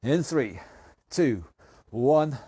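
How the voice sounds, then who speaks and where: A man's voice: mid-range voice, animated, very slow, dark tone, slightly rough, dry recording. A man leading an online workout class as fitness instructor, counting down and calling out moves while exercising along. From United Kingdom. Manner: counts down and cues exercises while working out himself.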